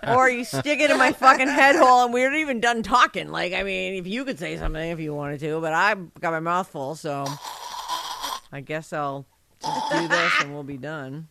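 A woman's voice: on the low side, moderate pace, a little hiss or hum. A woman co-hosting a comedy radio show, talking bluntly and profanely in casual chat. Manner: blunt, profane, deadpan asides.

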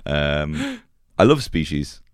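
Man, podcast co-host, deep voice, lively pitch, dry close sound. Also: takes it slowly, no room sound. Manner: joking and laid-back. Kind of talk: casual chat.

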